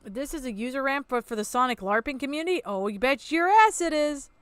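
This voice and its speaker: A woman's voice: sits high, lively intonation, fairly quick, fairly bright tone, clear, resonant tone, dry recording. A woman hosting a reaction commentary, ranting in a sarcastic, exasperated way and swearing freely. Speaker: commentary channel host.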